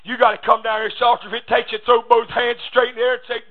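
High-pitched husky preacher man. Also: little pitch movement, fast, few pauses. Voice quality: rhythmic "uh" at the start of each phrase, shouting in bursts. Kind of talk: sermon. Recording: phone-like raspy audio.

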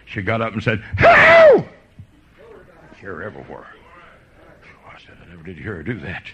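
A man's voice: sits low, lively intonation, quick pace, highs cut off, background noise. A man preaching a sermon, telling folksy stories of faith with fervent energy.

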